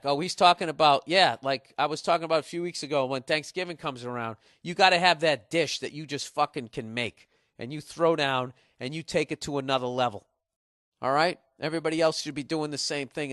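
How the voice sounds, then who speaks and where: A man's voice: on the high side, a bit bright, no echo, studio quality. A man in his forties hosting a podcast, rambling comedically with a profane, sarcastic edge. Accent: Boston. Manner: profane, sarcastic, riffing to listeners. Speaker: podcast host.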